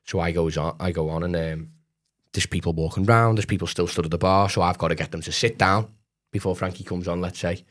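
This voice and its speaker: A man's voice: deep voice, brisk. A man with a Liverpool accent telling stories as a guest comedian on a podcast, swearing freely and acting out other people's voices. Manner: animated, swears, acts out voices in anecdotes. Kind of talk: casual storytelling chat.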